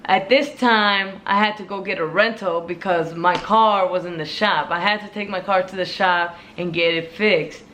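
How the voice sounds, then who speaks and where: Vlogger, mid-pitched voice, exasperated storytime rant, faint background noise. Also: moderate pace, hardly any pauses. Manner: exasperated, animated retelling with many fillers.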